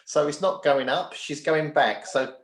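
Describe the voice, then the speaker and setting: Chatty medium in an echoey room. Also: male voice, on the high side, measured pace. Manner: chatty, checks in with the sitter often. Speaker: spiritual medium. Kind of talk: giving readings at a spiritual service. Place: at home.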